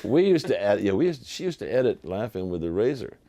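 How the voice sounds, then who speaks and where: Older man, very low voice, dark mellow tone, animated storytelling, dry close sound. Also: quick pace, no room sound. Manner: animated, acts out quoted voices. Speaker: TV producer interviewee. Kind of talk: anecdotal interview storytelling.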